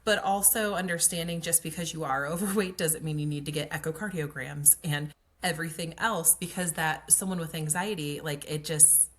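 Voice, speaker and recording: A woman tells a personal story in a relaxed, conversational way. Her voice sits fairly low, and she peppers her talk with "like" and slips into quoted dialogue. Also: normal speed. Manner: chatty, frequent "like" fillers, acts out quoted dialogue. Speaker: guest, pelvic floor occupational therapist. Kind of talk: casual storytelling.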